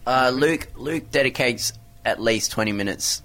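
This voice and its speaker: He is a young musician chatting as a guest on a radio show. His voice is bright and sits mid-range, and he jokes along in a laid-back way. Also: medium pitch, a little slow. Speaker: band member guest.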